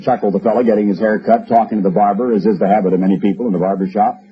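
A man's voice: fairly low pitch, fairly even intonation, racing, few pauses, slight background noise. Wry, storytelling male radio preacher. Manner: emphatic, storytelling, wry asides. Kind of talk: broadcast sermon. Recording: dull lo-fi radio recording.

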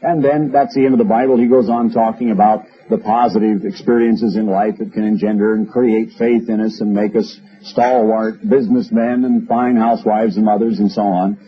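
A man's voice: mid-range voice, moderate pace, few pauses. A man giving a broadcast sermon on the radio, emphatic and wry, spinning stories and asides. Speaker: radio preacher. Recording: dull lo-fi radio recording.

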